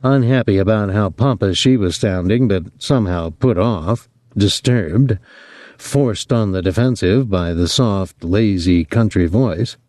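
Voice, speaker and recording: Low, mellow male audiobook narrator. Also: unhurried, no room sound, studio quality. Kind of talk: scripted narration.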